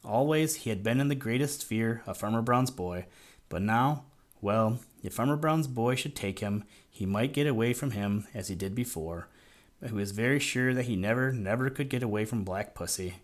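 A man narrating a children's audiobook in a measured, gently expressive storytelling manner. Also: mid-range voice.

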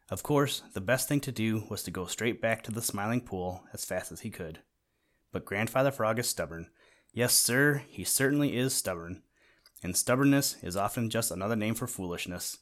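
Low-voiced man reading a storybook. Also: animated, moderate pace. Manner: gentle, addressing the listener. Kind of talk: storybook narration.

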